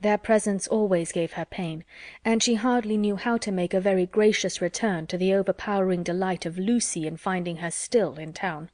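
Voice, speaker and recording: A woman narrating a classic novel as an audiobook in a measured, even reading. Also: mid-range voice, dry recording, studio quality.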